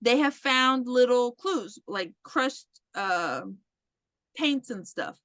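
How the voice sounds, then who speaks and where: A woman's voice: a little high, animated, takes it slowly, fairly bright tone, no echo. A woman hosting a podcast, animatedly retelling a movie plot with swearing and laughter, acting out the characters. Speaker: podcast host. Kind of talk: casual movie recap chat.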